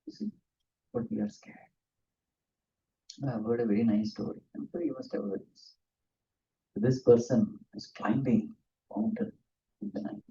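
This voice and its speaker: A man's voice: medium pitch, sing-song, moderate pace, creaky, pauses often, warm tone. A man, a swami giving a spiritual discourse, earnest and often laughing as he tells stories. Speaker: swami giving a scripture talk. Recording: distant, dull lo-fi room recording.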